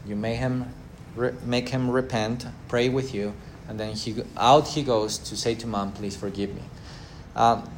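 A medium-pitched man runs a church Bible class in a halting way, full of fillers. He dramatizes everyday quotes and asks his students questions, while a little hiss or hum can be heard.

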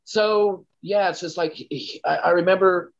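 A man's voice: sits high, fairly even intonation, a little slow, highs cut off. A man telling a candid personal story as an interview guest, rambling with lots of "you know" and "like".

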